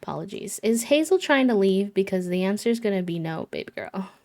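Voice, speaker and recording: A woman's voice: medium pitch, expressive, brisk, darkish tone. A woman streamer in casual live-stream chat, cozy and chatty, greeting viewers by name as she plays.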